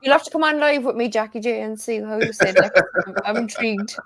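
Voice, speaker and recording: A woman, a lively, laughing guest in a casual live-stream chat. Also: on the high side, fast.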